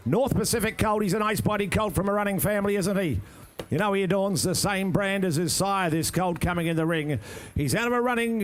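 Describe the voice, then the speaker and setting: A man working as an auctioneer, talking up a colt in chatty patter between repeated bid calls. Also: high-pitched. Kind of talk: auction selling with sales patter. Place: sale ring.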